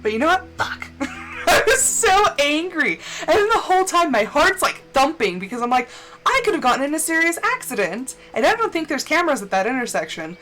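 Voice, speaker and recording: A woman's voice: high voice, sing-song, fast, fairly bright tone, faint music behind, poor audio. A woman streamer casually telling a story while gaming, swearing often and ranting with indignation.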